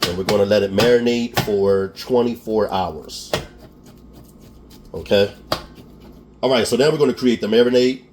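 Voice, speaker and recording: A man's voice: on the low side, moderate pace, long pauses, noisy background. A man with a Philadelphia accent hosting a home cooking tutorial. He talks casually, laughs at himself and often checks in with "okay?". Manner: chatty, laughs at himself, keeps asking "okay?". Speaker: cooking show host.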